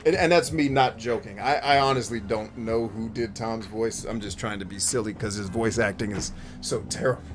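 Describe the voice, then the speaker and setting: A man streaming a video game, riffing in a joking, profane, animated way. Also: lowish voice, moderate pace, few pauses, background noise. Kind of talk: casual let's-play commentary.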